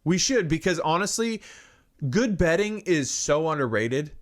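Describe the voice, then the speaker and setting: A man's voice: on the high side, measured pace. A man hosting a comedy show, ranting sarcastically and crudely, then answering listener questions. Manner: sarcastic and crude, swinging between mock-cynical and excited. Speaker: podcast host. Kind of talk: comedic political rant and listener Q&A.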